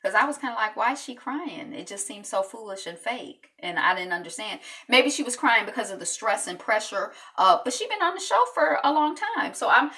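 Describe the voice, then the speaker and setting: A woman's voice: medium pitch, sing-song, brisk, few pauses, sharp tone, far from the mic. A woman hosting a casual live stream, rambling through an episode recap with lots of fillers and restarts. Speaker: reality TV recap host.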